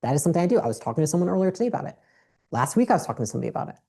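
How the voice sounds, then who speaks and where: A woman's voice: sits low, very animated, rapid-fire, gravelly, warm tone. A woman giving a blunt, profane motivational business talk on stage with a handheld mic. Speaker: business speaker.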